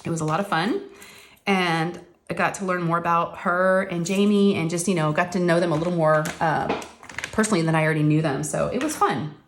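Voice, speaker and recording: A woman in her thirties or forties telling a rambling story to her viewers. She has a somewhat low voice, keeps it casual and easy with lots of fillers, and a faint hiss sits behind her. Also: brisk. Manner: rambling, addresses viewers as y'all, uses many fillers. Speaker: crafting channel host.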